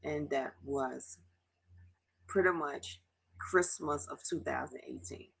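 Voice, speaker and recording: A middle-aged woman from Baltimore talks straight to her viewers in a confessional vlog. Her voice is gravelly and husky, and she is close to tears. She speaks haltingly, restarts often, and sometimes sinks to a near whisper. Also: sits low, fairly bright tone, poor audio. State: tearful, fighting back tears. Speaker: vlogger.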